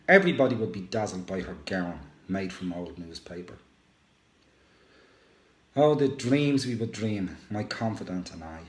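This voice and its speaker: A man reads a first-person poem slowly and emotively, his low voice swinging widely between rises and hushed drops. The room around him is roomy and echoey. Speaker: radio show host.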